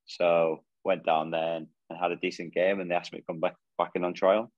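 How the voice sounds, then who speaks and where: A man's voice: low voice, little pitch movement, fairly quick, no room sound, dull audio. A man in his twenties from Northumberland, answering modestly and hesitantly with many fillers. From Northumberland, England. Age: 20s. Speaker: footballer guest. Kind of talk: casual interview.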